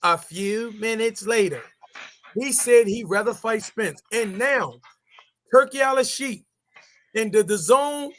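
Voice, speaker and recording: Podcast host guy, really high voice, reads news then throws it to the caller. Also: unhurried, a bit bright. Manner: reads updates, then hands over to the guest with questions. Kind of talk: podcast hosting.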